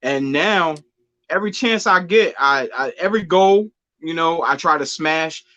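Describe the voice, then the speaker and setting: A man's voice: on the high side, unhurried, sharp tone, lo-fi sound. A man hosting a podcast, asking questions in an upbeat way and laughing often. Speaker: podcast host. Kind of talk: casual podcast chat.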